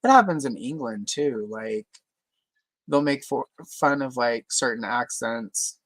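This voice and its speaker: Lively chatty American livestream co-host. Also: medium pitch, unhurried, no room sound. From United States. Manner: lively storyteller who jumps into mock voices. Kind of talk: casual livestream chat.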